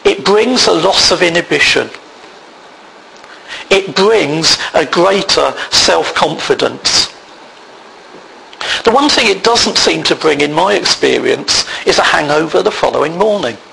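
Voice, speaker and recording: A man preaching a sermon, reading scripture aloud in a measured way. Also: a little high, lively intonation, pushed and bright, a little hiss or hum, poor audio. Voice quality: gravelly.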